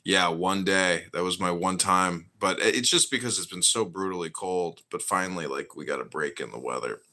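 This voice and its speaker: A man hosts a casual podcast and weighs his words in a measured, thoughtful way. His voice sits very low, yet it has a bright, forceful edge. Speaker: podcast host. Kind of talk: casual chat.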